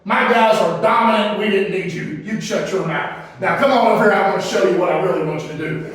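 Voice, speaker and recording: A man in a wrestling promo, bossing his crew around with insults and shouted orders. His voice sits high and carries from a distance. The echoey room swallows part of it. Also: expressive, brisk. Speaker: wrestling boss character.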